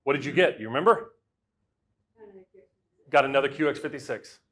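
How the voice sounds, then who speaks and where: A middle-aged man giving a lively storytelling talk, swinging from loud to quiet as he acts out the voices he quotes. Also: mid-range voice, normal speed. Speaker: speaker.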